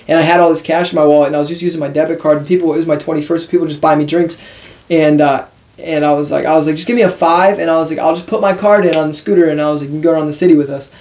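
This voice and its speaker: Quick, rambling young man. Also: fairly high pitch, darkish tone. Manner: rambling, repeats himself. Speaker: podcast co-host. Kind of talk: casual chat.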